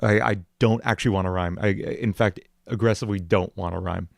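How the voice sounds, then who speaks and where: A male songwriter chats casually on a livestream, thinking aloud and correcting himself as he goes. His voice is on the low side and gravelly, with fairly even intonation, a slightly fast pace, and no echo.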